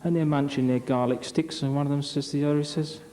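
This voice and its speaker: A man's voice: a little high, steady tone, fast talker, warm tone, a little hiss or hum, rough recording. A man on stage at an amateur revue, telling long jokes to a live audience in a rambling, chatty way. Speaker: revue comedian.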